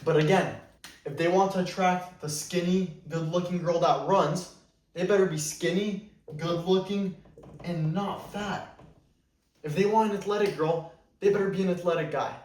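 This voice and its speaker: A man's voice: high voice, steady tone, normal speed, a little mellow. Blunt man coaching, echoey and distant. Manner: blunt, emphatic, repeats "you better". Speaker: dating coach. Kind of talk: direct-to-camera advice monologue. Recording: roomy echo, mic at a distance.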